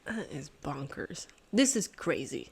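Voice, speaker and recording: An excitable woman works through a puzzle out loud, talking to herself and her viewers. Her pitch swings up and down a lot, and she swears and laughs in disbelief. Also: a little slow, creaky, breathy edge. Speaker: host solving a sudoku puzzle. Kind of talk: thinking aloud while solving a puzzle.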